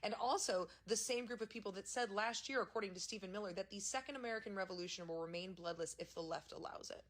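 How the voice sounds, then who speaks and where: A woman's voice: mid-range voice, fast talker, hardly any pauses, a bit bright. A woman giving emphatic, indignant political commentary.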